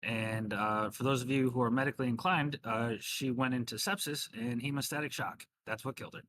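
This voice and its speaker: A male game master narrating a tabletop game in a casual, joking way, with plenty of ums and restarts. His voice is bright and forward, at a middle pitch. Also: fairly even intonation, fairly quick, no room sound.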